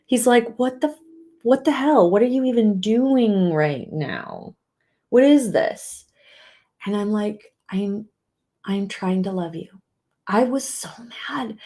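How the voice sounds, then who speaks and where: A middle-aged woman relationship coach giving a motivational talk, earnest and soft-spoken, dropping to whispers and rising to emphatic outbursts. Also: a little high.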